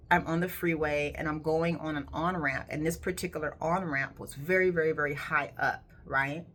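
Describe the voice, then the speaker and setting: Candid low-voiced woman telling a story. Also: fairly bright tone, slight background noise. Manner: candid, emphatic, swears casually. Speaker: colon hydrotherapist. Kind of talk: personal storytelling.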